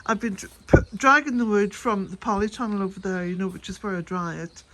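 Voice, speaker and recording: A woman's voice: medium pitch, moderate pace, noisy background. Irish woman, own voice, gardening vlog, chatty and laughing, slightly breathless outdoors. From west of Ireland. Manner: chatty, rambling, laughs often. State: a bit out of breath. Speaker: cottage gardening vlogger. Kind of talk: casual chat to camera. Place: outdoors at a cottage garden and shed.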